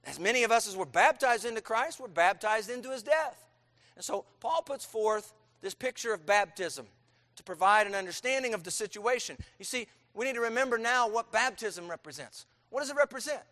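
Emphatic high-voiced preacher in a reverberant hall. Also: male voice, animated, fairly quick. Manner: emphatic preaching with rhetorical questions and forceful outbursts. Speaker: pastor. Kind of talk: sermon.

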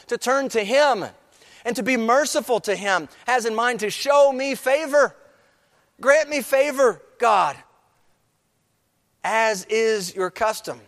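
A man's voice: high-pitched, fairly bright tone. A man pastor preaching a sermon, building to emphatic, rising passages. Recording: long hall reverb.

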